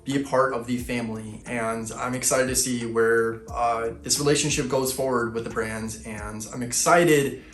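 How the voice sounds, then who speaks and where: A man filming an excited unboxing vlog, gushing and effusive, heaping on superlatives. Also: mid-range voice, normal speed. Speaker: fashion vlogger. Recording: roomy echo, faint background music.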